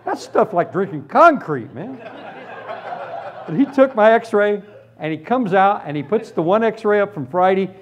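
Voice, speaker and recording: A man preaching and giving his personal testimony, telling it as a lively story and acting out the other people in it. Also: high voice, measured pace. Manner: animated storytelling, acts out voices. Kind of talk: testimony sermon.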